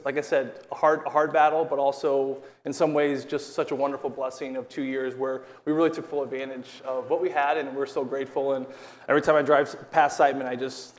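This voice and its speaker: A hockey broadcaster telling a personal story on an event stage before a live audience, earnest and reliving past conversations. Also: male voice, medium pitch. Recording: long hall reverb from a live event.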